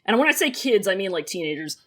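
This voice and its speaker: A woman's voice: medium pitch, big pitch swings, fast, a bit bright. A woman co-hosting a podcast in casual chat, rambling and laughing with lots of fillers. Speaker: podcast co-host.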